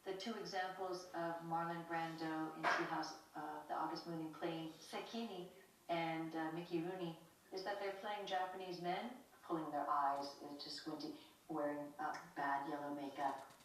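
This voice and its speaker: Mulher americana, entrevistada de documentário, fala intensa e sincera com recomeços, voz um pouco grave, som ecoante e distante. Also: female voice, on the low side. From United States. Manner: earnest, impassioned, with halting restarts. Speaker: interviewee. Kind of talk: documentary interview. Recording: echoey, distant, slightly noisy.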